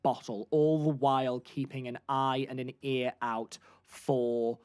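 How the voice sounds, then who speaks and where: A man's voice: medium pitch, steady tone, a little slow, darkish tone, clean tone. Man narrating as game master. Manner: descriptive, rambling with many fillers.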